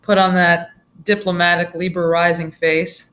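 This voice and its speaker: A woman vlogger telling a storytime tale in a chatty, laughing way with lively asides. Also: on the low side, normal speed. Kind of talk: casual storytime.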